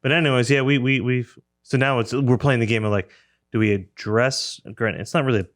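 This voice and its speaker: A man's voice: mid-range voice, fairly even intonation, a little fast, a bit bright, no room sound, studio quality. A man hosting a podcast in loose casual chat, wandering through his thoughts as he talks. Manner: rambling, full of restarts and fillers. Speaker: podcast host.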